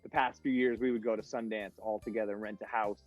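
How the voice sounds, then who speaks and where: A man's voice: on the low side, level tone, quick pace, soft background music. A man, a guest DJ, telling stories in a rambling, casual way, filling his speech with "like". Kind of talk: casual storytelling.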